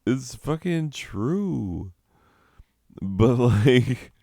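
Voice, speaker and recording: Slow-talking, rambling stoned man. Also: fairly low pitch, a little mellow, clean tone, dry recording, clean studio sound. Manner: rambling, profane, laughs often at his own jokes. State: high. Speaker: host. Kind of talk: rambling gameplay chat.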